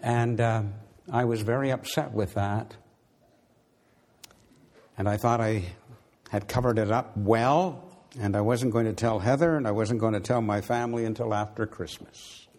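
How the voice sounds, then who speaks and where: A man's voice: fairly low pitch, steady tone, normal speed, a little mellow. A man preaching a sermon and telling a personal story in an earnest, conversational way, his voice lifting when he exhorts his listeners.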